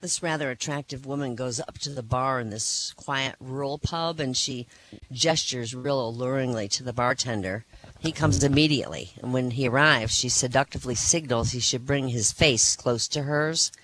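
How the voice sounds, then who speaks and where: At normal speed, a stand-up comic runs a small cafe comedy night and jokes with the live crowd. Background noise is audible. His delivery is lively, with sudden high voices for the people in his jokes.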